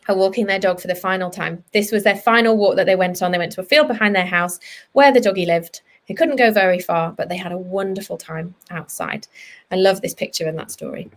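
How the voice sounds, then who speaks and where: A woman vet giving a gentle, reassuring lesson to children, talking straight to them in an earnest way. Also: mid-range voice, vocal fry. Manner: soft, reassuring and earnest, talks straight to kids.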